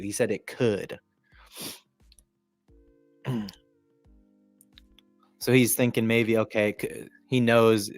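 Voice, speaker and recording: A fairly low-voiced man hosts a sports live stream, rambling casually and swearing freely. He clears his throat often between thoughts. His voice sounds dry and close, with faint music playing underneath. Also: no room sound. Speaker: livestream sports commentator.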